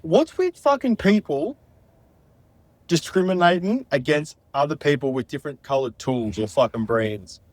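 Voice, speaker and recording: Ranting caller, dry higher voice. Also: male voice, animated, moderate pace, no room sound. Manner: ranting, sweary, puzzled complaint.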